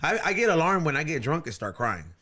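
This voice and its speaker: A man's voice: on the high side, very animated, a little fast, pushed and bright. A man hosting a podcast in loose, rambling casual chat, swearing freely. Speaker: podcast host.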